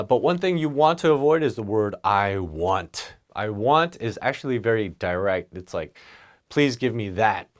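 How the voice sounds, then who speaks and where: A man teaching business English writing, acting out example phrases in a relaxed, conversational way. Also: medium pitch. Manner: animated, acts out example phrases. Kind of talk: online English lesson.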